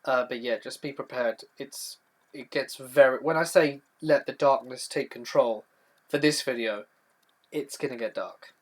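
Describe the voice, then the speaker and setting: A man's voice: mid-range voice, unhurried. A young man hosting a live stream, chatty as he reads viewer questions from the chat and answers them one by one. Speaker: horror storytelling channel host.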